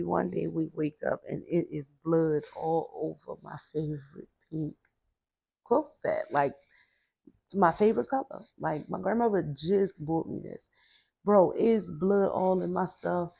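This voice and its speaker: A woman's voice: lowish voice, a little slow, creaky, a little mellow, dry recording. A woman casually telling a personal story from her childhood in a chatty way, full of "like" and "baby", venting her frustration. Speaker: storyteller sharing a personal testimony.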